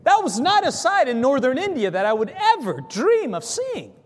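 A man telling a story in a sermon, animated, acting out dialogue, with frequent stammering restarts. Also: very high-pitched, normal speed, in a large hall. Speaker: preacher. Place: church.

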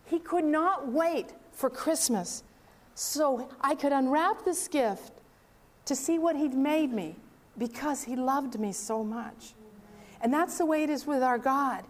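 An older woman preaching, telling a story with lively acted-out dialogue. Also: high-pitched, measured pace. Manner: animated storyteller acting out dialogue. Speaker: speaker. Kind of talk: sermon storytelling.

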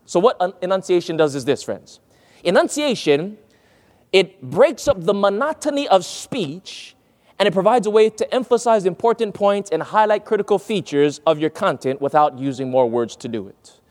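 An earnest man preaches a lesson on speaking. His voice sits high and swoops with wide, animated inflection. He asks his listeners questions and leans hard on key words. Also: normal speed. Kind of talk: sermon-style lesson.

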